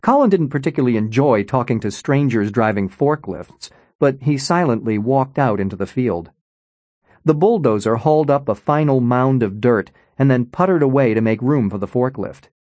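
A man narrating an audiobook in an expressive storytelling manner, on a close studio mic. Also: mid-range voice, moderate pace, no echo. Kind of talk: scripted narration.

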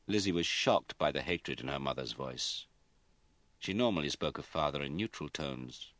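A man with a very deep voice reads a novel aloud in scripted narration. His delivery is measured and even. The sound is dry and close. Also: no echo. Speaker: audiobook narrator.

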